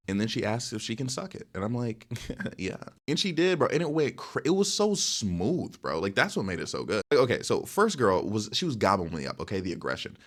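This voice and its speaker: Fast-talking young man, animated. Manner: rambling slangy storytelling, animated swings in pitch. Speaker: content creator. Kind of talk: casual storytime monologue.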